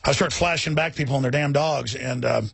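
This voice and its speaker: A man's voice: medium pitch, brisk, creaky, fairly bright tone, slightly rough, no echo. A man hosting a talk radio show, ranting in a heated, rambling, emphatic way.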